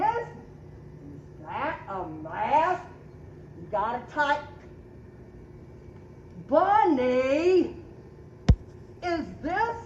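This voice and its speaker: A woman with a highish, very lively voice hosts a playful skit, teasing and chatting with stuffed toys. She talks slowly and draws words out. The sound is echoey and dull, with a faint hiss behind her. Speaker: community video host.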